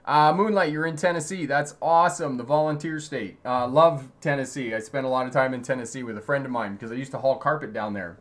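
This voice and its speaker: A man's voice: mid-range voice, fairly quick, few pauses, fairly bright tone. A middle-aged man hosting a driving-lesson live stream, chatty and laughing often as he reads chat questions and repeats key points.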